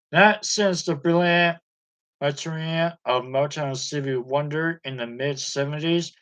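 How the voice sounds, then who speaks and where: Male reader with a somewhat high voice for a steady, plain biography read. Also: poor audio. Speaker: audiobook reader. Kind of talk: reading a biography aloud.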